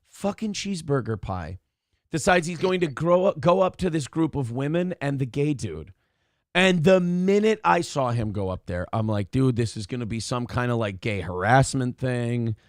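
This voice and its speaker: A man's voice: mid-range voice, moderate pace, dry recording, studio quality. A man co-hosting a morning radio show, telling a night-out story in casual chat, swearing and acting out what people said. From Minnesota. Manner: animated storyteller, swears, acts out quotes.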